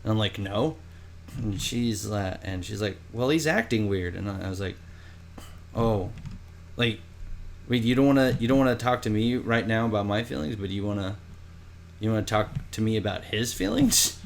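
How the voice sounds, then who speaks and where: A young man tells a story in a loose, casual podcast chat. He gets animated and jumps into higher voices when he quotes people. Faint background noise sits under his voice. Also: moderate pace, gravelly. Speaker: podcast co-host.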